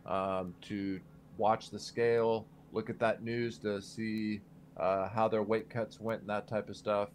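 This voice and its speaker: A man's voice: fairly low pitch, slight background noise. A man co-hosting a casual sports betting podcast, hesitant and heavy on ums and uhs. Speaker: podcast co-host.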